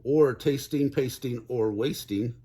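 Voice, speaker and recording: A man's voice: medium pitch, measured pace, mellow, husky. An older man voicing a strict but fond mother cat with a firm, scolding manner.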